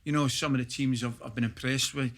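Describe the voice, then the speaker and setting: A middle-aged Scottish man, a former footballer, chatting as a podcast guest and telling stories with animated laughter. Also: medium pitch, a little fast. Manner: animated storyteller, laughs through his stories. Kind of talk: casual podcast chat, anecdote telling.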